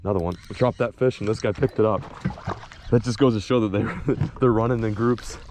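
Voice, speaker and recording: A young man vlogging while fishing outdoors in winter, talking excitedly to the camera as he reels in fish. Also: fairly low pitch, brisk, background noise. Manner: excitable, exclaiming and laughing while reeling in fish. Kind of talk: casual on-camera fishing commentary.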